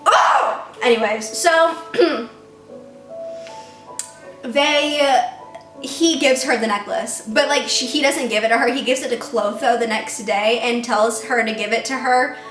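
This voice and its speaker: Woman, bright and excitable book reviewer, rambling rant, roomy echo. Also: fairly high pitch, a little slow, faint music behind. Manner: excited, rambling retelling full of "like". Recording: echoey room.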